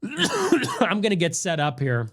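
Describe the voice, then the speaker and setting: Combative high-voiced male podcast host. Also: huge pitch swings, slow, a bit bright. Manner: combative, mocking, repeats ultimatums. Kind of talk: political monologue rant.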